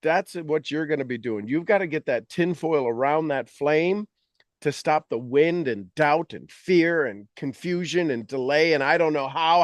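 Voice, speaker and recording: A man talking as a mentor, coaching his audience in an animated, teasing way and acting out their complaints in quoted voices. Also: on the high side, dry recording. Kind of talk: motivational coaching talk.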